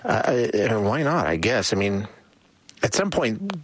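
A man's voice: on the low side, very animated, normal speed. A man hosting a talk radio show, chatting casually with frequent restarts and fillers.

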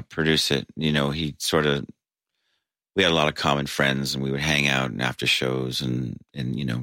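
A man's voice: a bass voice, sharp tone, no echo, clean studio sound. A man, a band member, telling stories in a casual interview, rambling with restarts and fillers. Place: basement of a tavern.

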